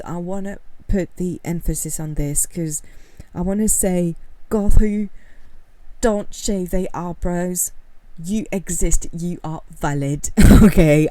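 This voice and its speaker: Woman video essayist: candid, unhurried, rambling commentary in a low register. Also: no echo. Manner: candid, rambling, with frequent fillers and soft laughs. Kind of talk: casual talking-head commentary.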